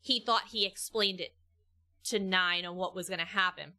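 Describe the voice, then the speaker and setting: A woman's voice: on the low side, fairly even intonation, normal speed, sharp tone. A young adult woman telling a story in casual chat, rambling with many restarts and laughs. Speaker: vlogger.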